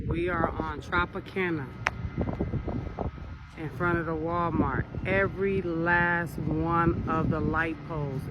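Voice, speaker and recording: A man filming outdoors on a street, slowly and in disbelief describing what he sees. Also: fairly high pitch. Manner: slow, stunned, swearing in disbelief. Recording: windy, noisy outdoor phone video with traffic.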